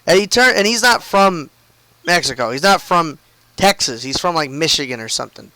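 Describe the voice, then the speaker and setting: A man tells a story while he streams a game from home, rambling and swearing casually with plenty of fillers. His voice sits a little high and sounds smooth and clean. The sound is dry and close. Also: lively intonation, normal speed, pushed and bright, dry recording, low-quality recording.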